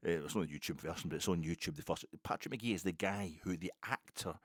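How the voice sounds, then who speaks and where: Rambling deep-voiced Scottish man. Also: slightly rough, dry recording, studio quality. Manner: rambling, animated, self-interrupting. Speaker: football podcast host. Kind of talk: casual solo podcast monologue.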